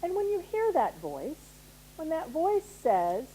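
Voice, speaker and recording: A woman's voice: high voice, huge pitch swings, slow pace, mellow, slight background noise, poor audio. A middle-aged woman giving a motivational talk to an audience, persuasive and often checking in with "right?". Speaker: guest speaker at a women's leadership program.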